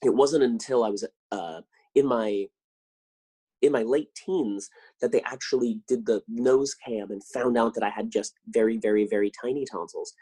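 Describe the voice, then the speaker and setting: A man talking as a podcast guest, telling animated stories and acting out the lines he quotes. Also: medium pitch, moderate pace, husky. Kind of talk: casual interview chat.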